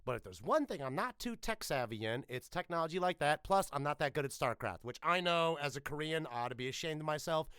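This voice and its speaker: This is a man hosting a casual podcast interview, talking in an animated, profane, joke-filled way. His voice is bright and forceful, and it sits dry and close to the mic. He stumbles through restarts as he rushes ahead. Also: on the high side, smooth, dry recording. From United States. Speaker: podcast host.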